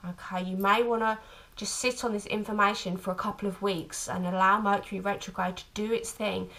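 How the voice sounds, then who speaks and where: A woman giving an intuitive tarot reading to camera, speaking tenderly and haltingly, with frequent restarts. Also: medium pitch, steady tone, fairly bright tone, low-quality recording. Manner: tender, calls listener "my lovely"; halting, many restarts and fillers. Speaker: tarot reader.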